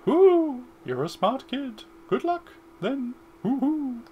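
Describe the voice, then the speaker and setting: A high hooting old owl. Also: male voice, sing-song, takes it slowly, lo-fi sound, slight background noise, full character voice. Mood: grandly wise.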